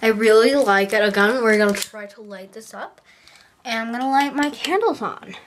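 A woman's voice: on the high side, normal speed, slight background noise. Gushing young woman vlogging in a car. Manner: gushing and excitable, rambling. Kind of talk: casual vlog chat. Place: inside a parked car. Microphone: handheld compact camera.

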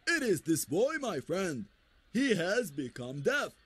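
A lively booming cartoon village elder. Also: male voice, slow, husky, no room sound, heavily acted. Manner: loud, declamatory. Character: kindly bossy village elder Haji Musa. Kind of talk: dubbed cartoon dialogue.

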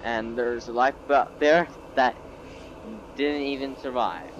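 A man's voice: medium pitch, fairly even intonation, unhurried, highs cut off, background noise. A man giving gameplay commentary, self-mocking and exasperated as things go wrong. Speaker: gameplay video creator.

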